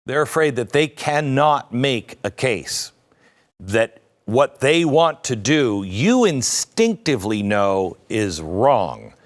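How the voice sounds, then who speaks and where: A man's voice: medium pitch, very animated, slow. A man hosting a political commentary show, talking in a sarcastic, mocking way. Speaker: host.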